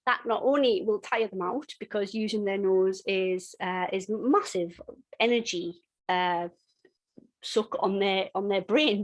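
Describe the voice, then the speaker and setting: A middle-aged woman giving a dog-training webinar in a chatty, conversational way, with frequent restarts and lively bursts when acting out games. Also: medium pitch, poor audio. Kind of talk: webinar teaching.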